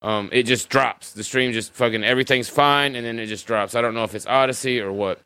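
Bright-voiced, crisp male podcast host. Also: medium pitch, fairly even intonation, brisk. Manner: profane, rambling, loose. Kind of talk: casual livestream conversation.

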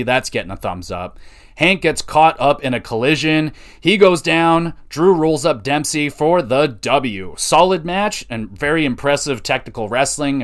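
A man's voice: mid-range voice, fairly bright tone. A man hosting a solo podcast, casually reviewing a wrestling show in a loose, rambling way with frequent fillers and casual swearing.

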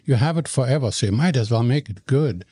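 A man's voice: medium pitch, expressive, quick pace, dark tone, slightly rough, no echo. Older german-accented guy spinning stories, jokey and self-deprecating, dry close mic. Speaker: guest, radio regular. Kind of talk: interview storytelling.

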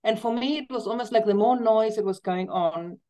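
A woman's voice: on the high side, brisk, dark tone. A middle-aged woman, a guest in a casual interview, telling stories enthusiastically and with emphasis. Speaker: guest, cookbook author.

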